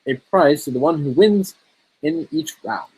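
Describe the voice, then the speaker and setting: A strong, cheerful mountain boy from a storybook calls out orders to his animal friends, voiced by a man reading aloud. The voice is plain and a little breathy. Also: fairly high pitch, animated, unhurried, a little mellow, exaggerated voice, low-quality recording. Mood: cheerful, commanding. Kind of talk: fairy tale read aloud.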